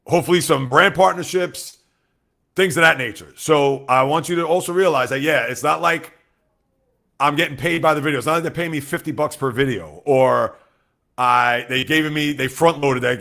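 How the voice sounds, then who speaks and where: A man hosting a sports livestream, chatting casually and animatedly with his viewers, reading their comments aloud and swinging between loud outbursts and quiet asides. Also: on the high side, moderate pace, vocal fry. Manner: talks straight to chat, reads out viewer comments.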